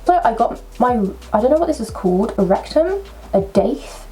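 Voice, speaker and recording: A woman's voice: a little high, moderate pace. Brief: chatty young woman, makeup tutorial. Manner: chatty, excitable, self-mocking asides. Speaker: makeup vlogger. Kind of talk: casual makeup tutorial chat. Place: at home at a table.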